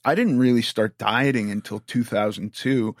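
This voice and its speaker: A man, an actor, chatting casually in an interview about his past films, in loose, relaxed phrasing. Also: medium pitch, normal speed, no room sound, clean studio sound.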